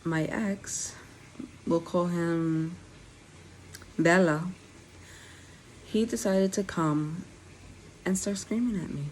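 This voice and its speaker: A woman's voice: lowish voice, slow, long pauses, a little mellow, a little hiss or hum, poor audio. A young woman with a slight lisp, telling her own story candidly to viewers in a casual vlog. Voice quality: slight lisp from dental aligners. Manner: candid, conversational, direct to viewers. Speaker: vlogger.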